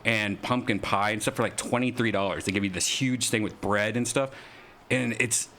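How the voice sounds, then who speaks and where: A man's voice: lowish voice, normal speed, a little hiss or hum. A man telling a casual story on a podcast, with lots of fillers. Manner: relaxed, filler-heavy storytelling. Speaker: podcast guest. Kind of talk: casual chat. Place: podcast studio.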